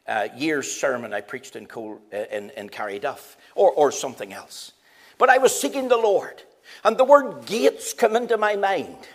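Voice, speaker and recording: A man preaches with fervour, doubling his phrases for stress. His voice sits high, climbing into ringing calls and then dropping to hushed asides. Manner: emphatic, repeats phrases for stress; swings between loud rising calls and low quiet asides. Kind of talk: sermon.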